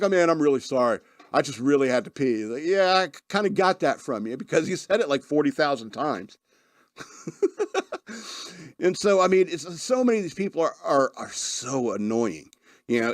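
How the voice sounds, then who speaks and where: A man's voice: medium pitch, no echo, studio quality. A man hosting a radio podcast in a casual monologue, rambling and laughing often as he acts out the people he describes. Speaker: podcast host.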